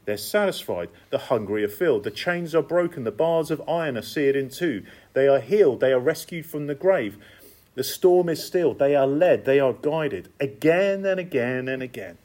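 A man preaching a sermon, emphatic and conversational, repeating key phrases and dropping in casual asides. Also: mid-range voice. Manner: lively, emphatic, repetitive cadence with conversational asides.

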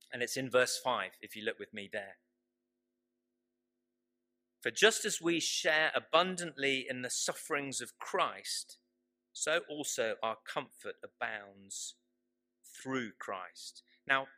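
A man preaching a sermon, slow and emphatic, repeating his key phrases for weight. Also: mid-range voice, sharp tone.

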